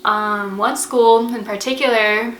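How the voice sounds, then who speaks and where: Bright-voiced young woman vlogging advice. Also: a little high, steady tone, a little slow, roomy sound, slight background noise, rough recording. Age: young adult. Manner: chatty, emotional, lots of "like" fillers. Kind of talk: casual advice vlog.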